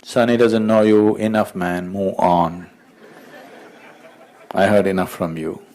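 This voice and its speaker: A man's voice: low-pitched, fairly even intonation, slow, darkish tone. A man voicing Peter, an unimpressed gatekeeper at heaven's gate who talks in an offhand, dismissive way. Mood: calling out.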